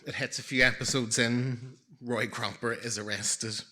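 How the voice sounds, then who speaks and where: Wry bright-voiced male storyteller. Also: mid-range voice, fairly even intonation, measured pace. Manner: wry, self-mocking humour with comic timing. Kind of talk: live personal storytelling.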